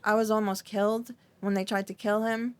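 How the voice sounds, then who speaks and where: Middle-aged woman, podcast guest, mid-pitched, trembling voice, halting and full of restarts. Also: level tone, clean tone. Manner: halting, repeats and restarts often, fillers like "like". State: shaky, trembling. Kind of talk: emotional interview recollection.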